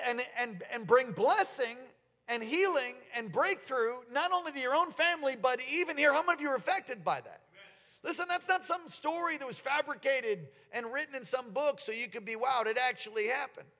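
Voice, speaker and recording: A man delivering a sermon in an animated, storytelling way, his voice pitched fairly high. Long reverb from a big hall trails each phrase. He swings from relaxed asides to loud, excited peaks. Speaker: pastor.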